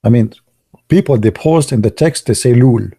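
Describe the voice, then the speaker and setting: A man whose first language is Arabic, telling stories casually in broken English, excitable and laughing at his own jokes. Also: mid-range voice, normal speed, husky. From Arab world. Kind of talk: casual storytelling monologue.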